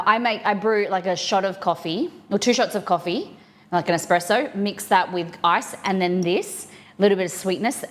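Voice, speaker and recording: A woman's voice: medium pitch, a bit bright. A young woman chatting casually with viewers on a live stream while eating, reading chat aloud and answering.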